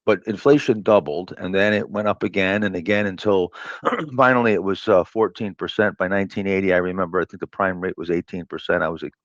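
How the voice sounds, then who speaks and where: Man, trader interview, measured and reflective, low voice, dull lo-fi playback. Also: dry recording. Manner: measured, thinking aloud with fillers and restarts. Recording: dull lo-fi clip played back.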